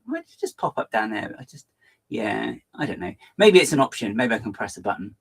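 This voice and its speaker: A man hosting a live stream, chatting in a fast, hyper, rambling way while he reads out viewer comments. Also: on the low side.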